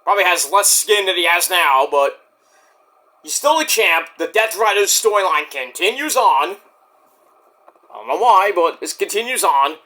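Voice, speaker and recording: A man's voice: high voice, lively intonation, moderate pace, sharp tone. A man reviewing a wrestling show in casual chat, rambling, sarcastic and profane.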